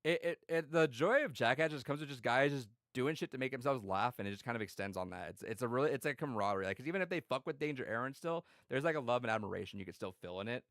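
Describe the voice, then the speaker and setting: A man co-hosting a podcast, telling a story in casual chat, swearing a lot and acting out quotes with loud yelled voices. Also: medium pitch, quick pace, few pauses, dry recording, studio quality. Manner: swears freely, many fillers. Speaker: podcast co-host.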